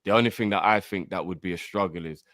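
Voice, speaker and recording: A man's voice: low-pitched, fast talker, a bit bright, no room sound, clean studio sound. A man co-hosting a casual football podcast, rambling and trailing off in slangy talk. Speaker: co-host.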